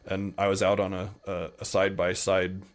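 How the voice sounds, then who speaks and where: A middle-aged man with a Utah accent and a fairly low voice, chatting easily as a podcast guest. He spins long, meandering stories and slips into playful imitations of the people in them. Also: normal speed. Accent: American, Utah. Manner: relaxed, rambling anecdotes with playful quoted voices. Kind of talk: casual storytelling interview.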